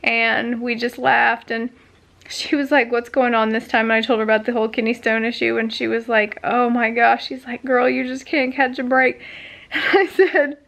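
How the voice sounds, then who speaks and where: Woman vlogger, casual rambling chat, gravelly fry, slightly high pitch. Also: little pitch movement, normal speed, a bit bright. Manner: rambling storytelling with many fillers.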